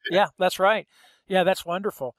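A man's voice: sits high, little pitch movement, moderate pace, a bit bright, no room sound. A man hosting an interview, engaged and affirming, telling his own stories between questions. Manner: engaged, frequent affirmations, storytelling. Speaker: interview host. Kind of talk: conversational interview.

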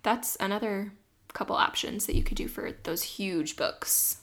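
A woman's voice: mid-range voice, normal speed, fairly bright tone. A woman with a mid-range voice co-hosts a podcast in casual chat. Her manner is chatty and easygoing, and she laughs easily. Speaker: podcast co-host.

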